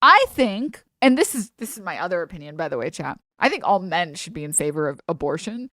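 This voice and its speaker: A woman's voice: on the low side, fairly quick, dry recording, clean studio sound. A woman streamer giving sarcastic, swear-filled commentary while reacting to a video. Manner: animated, sarcastic ranting with frequent swearing. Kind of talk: casual live-stream commentary.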